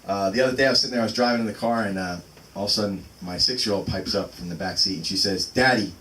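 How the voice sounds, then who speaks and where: A man's voice: lowish voice, very fast. A man in his thirties doing open mic stand-up in a small venue, rambling and interrupting himself with fillers. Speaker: stand-up comic. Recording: distant mic with loud room noise.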